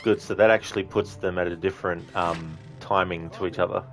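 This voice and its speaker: A man's voice: deep voice, steady tone, fairly quick, faint music behind. An Australian man casually commentating his gameplay and chatting with viewers while thinking aloud. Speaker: game streamer.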